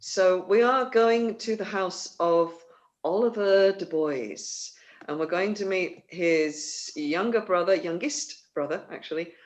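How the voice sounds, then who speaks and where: A woman hosting a live play reading, talking casually and joking at her own expense. She chats at a middle pitch into a home video call mic, giving the setup for each scene. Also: dull audio. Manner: chatty, jokey, self-deprecating. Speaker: book-holder and host. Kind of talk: casual live-stream introduction.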